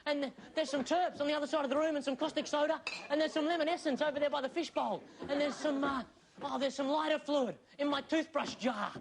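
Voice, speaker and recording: Australian male comic, high, wheedling drunk, noisy recording. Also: steady tone, quick pace, creaky. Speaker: comedy performer. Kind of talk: sketch comedy.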